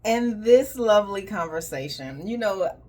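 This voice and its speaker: A woman's voice: medium pitch, expressive, measured pace, darkish tone. A woman hosting a casual monologue, speaking directly and emphatically, acting out exchanges with clients. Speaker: colon hydrotherapist hosting a talk.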